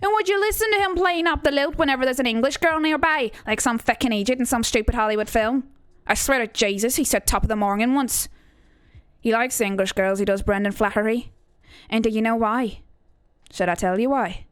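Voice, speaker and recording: A woman's voice: fairly high pitch, fairly quick, clean tone, no echo, natural voice. A woman voicing a chatty, gossiping Irish local in a put-on Irish accent, delivering a crude, confiding monologue. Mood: scornful.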